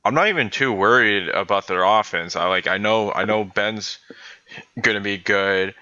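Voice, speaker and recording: A man's voice: on the low side, moderate pace, bright, forceful tone, clean tone, no echo. A man co-hosting a podcast, steering a casual hockey chat in a direct way. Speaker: podcast co-host. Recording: dry close lo-fi audio.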